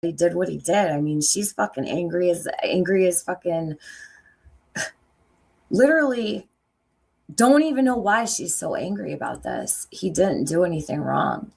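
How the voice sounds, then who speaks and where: A woman's voice: on the low side, expressive, unhurried, creaky, a little mellow, slightly rough. Angry, profane middle-aged woman commentator. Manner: angry, blunt and profane, with sarcastic quoting. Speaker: commentary channel host. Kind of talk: reaction commentary.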